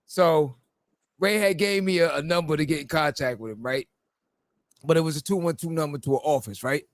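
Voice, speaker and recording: Laughing New York podcast host. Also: male voice, fairly high pitch, brisk, no echo. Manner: laughs often, animated storytelling with put-on voices. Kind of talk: casual chat.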